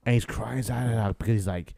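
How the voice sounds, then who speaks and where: A man's voice: fairly low pitch, fast talker, creaky, dark tone, dry recording. A man co-hosting a casual comic book podcast, retelling scenes animatedly and acting out the characters' lines. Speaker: podcast co-host.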